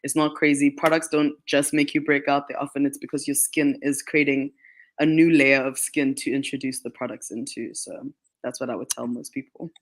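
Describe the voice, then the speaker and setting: Speaking at a moderate pace with a mid-range voice that barely shifts in pitch, a skincare brand marketing manager is interviewed as a guest in a radio studio. Her chatty answers about skincare are full of "like" fillers and frequent laughter.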